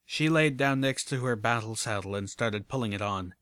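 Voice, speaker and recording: A man reading a first-person story aloud in a steady, even storytelling manner. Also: mid-range voice, moderate pace, clear, resonant tone, no echo. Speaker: audiobook reader. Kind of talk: first-person audiobook narration.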